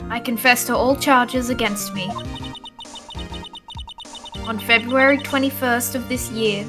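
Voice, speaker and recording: A woman voicing a calm, resigned female defendant who speaks quietly and composed, in a group game read-through. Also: fairly high pitch, unhurried, over music, close to an everyday voice.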